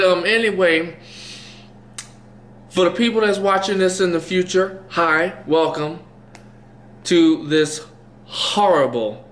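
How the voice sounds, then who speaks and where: A man's voice: a little high, a little hiss or hum. A young man vlogging while he eats, rambling and self-mocking, woozy after having his eyes dilated. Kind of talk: rambling casual chat to camera. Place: indoors at home, eating. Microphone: camera mic. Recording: roomy echo, faint clatter of dishes.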